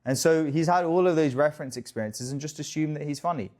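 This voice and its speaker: A young man talking straight to camera as a dating coach, casual and jokey, swearing freely and tossing in quick asides. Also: a little high, a little mellow. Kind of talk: direct-to-camera coaching talk.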